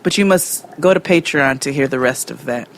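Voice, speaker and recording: A woman co-hosting a podcast in casual chat, loud and animated, swearing freely and quick to laugh. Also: a bass voice, vocal fry, a little hiss or hum. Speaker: podcast co-host.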